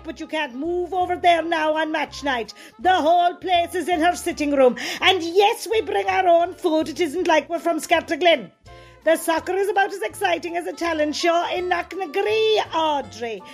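Brief: a high-voiced, gossipy Cork countrywoman, blunt and chatty. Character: gossipy rural Cork woman writing a letter. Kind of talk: comedy sketch acting.

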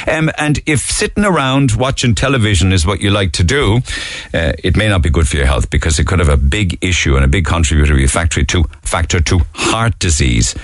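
A deep-voiced man with a Cork Irish accent hosting a morning radio show. He runs through the papers in a chatty, conversational way, with plenty of asides to listeners. His pitch rises and falls freely, and the sound is dry and close. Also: no echo. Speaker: radio host.

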